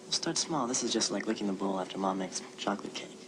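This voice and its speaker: A man's voice: lowish voice, fast, noisy background, lightly acted. An actor playing a pushy young man coaxing his girlfriend, in an old TV clip.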